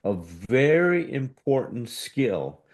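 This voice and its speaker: Speaking slowly with big pitch swings from a medium base, a man leads a relationship workshop in a conversational manner. At times he acts out what defensive speech sounds like.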